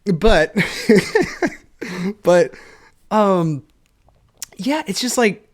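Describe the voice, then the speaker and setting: Rambling, energetic young man. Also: high voice, extremely slow. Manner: energetic, self-deprecating, laughs often. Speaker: solo podcast host. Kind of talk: rambling casual monologue.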